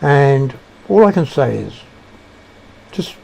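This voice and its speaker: A man giving a reflective monologue, halting and searching for words with frequent restarts. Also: medium pitch, very animated, gravelly, a little mellow. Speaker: speaker sharing personal beliefs.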